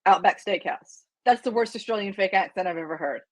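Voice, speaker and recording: Casting: woman webinar guest, relaxed, friendly chat, dry sound. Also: mid-range voice, brisk, no room sound. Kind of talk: casual conversation.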